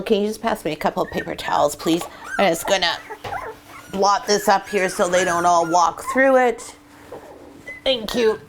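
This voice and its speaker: A woman's voice: mid-range voice, slight background noise. Woman breeder coaching puppy care. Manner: warm coaxing voice with the puppies. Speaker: dog breeder. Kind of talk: instructional vlog, talking to puppies. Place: sitting in a whelping box with puppies.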